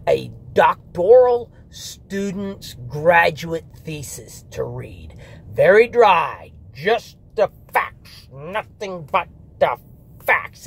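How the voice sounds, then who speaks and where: A man's voice: high voice, vocal fry, breathy edge. A man giving a candid, rambling spoken review of an audiobook, with restarts and mock asides.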